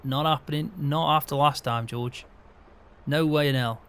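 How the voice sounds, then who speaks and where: Gravelly, easygoing man. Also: on the high side, steady tone, moderate pace, fairly bright tone. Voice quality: easygoing, chatty, frequent mild swearing. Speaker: roleplay channel host as farm hand. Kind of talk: casual game roleplay narration.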